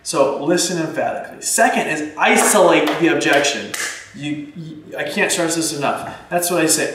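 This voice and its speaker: A man's voice: fairly high pitch, quick pace, fairly bright tone. A man coaching real estate agents, talking energetically and acting out little client dialogues as he teaches. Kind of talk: instructional talk with role-play examples. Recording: echoey room, distant mic.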